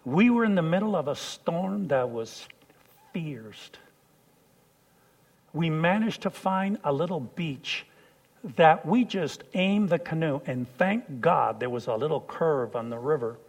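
A man preaching a sermon, telling a personal story and swinging from hushed lines to loud shouts. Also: a little high, normal speed, gravelly.

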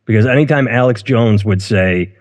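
A man's voice: lowish voice, normal speed. A man co-hosting a casual podcast chat, rambling and outspoken, often restarting his words. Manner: rambling, self-interrupting, outspoken. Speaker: podcast co-host. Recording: long room reverb.

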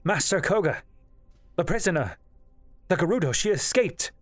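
A man's voice: on the high side, measured pace, dry recording, faint music behind, pitched above the performer's own voice, lightly acted. A man doing a nervous clan underling. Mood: anxious.

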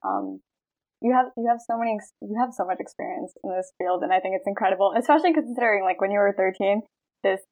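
A woman's voice: mid-range voice, fast talker, a little mellow. A woman in her twenties interviewing a guest, friendly and a little hesitant, with many "like" and "um". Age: 20s. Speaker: student interviewer. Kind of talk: casual interview conversation.

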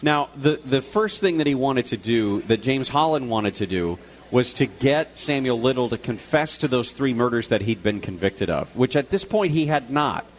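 A man's voice: mid-range voice, lively intonation, normal speed. A male radio co-host talking live from a restaurant, retelling a news story in a loose, conversational way with fillers and restarts.

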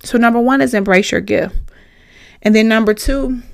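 A woman's voice: a little high, normal speed, creaky, pauses often, a little mellow. A woman speaking on a podcast, giving an impassioned faith testimony, preacherly and direct, repeating key phrases, tearful at times.

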